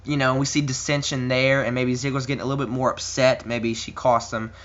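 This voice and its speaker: A man's voice: mid-range voice, little pitch movement, brisk, fairly bright tone, muffled recording. A young man casually giving wrestling predictions on his own, rambling with lots of ums and uhs and little chuckles. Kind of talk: casual solo commentary.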